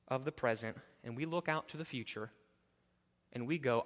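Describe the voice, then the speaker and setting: A man preaching a sermon as pastor, animated and swinging between hushed and loud. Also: medium pitch, a little slow, long pauses, big-room sound.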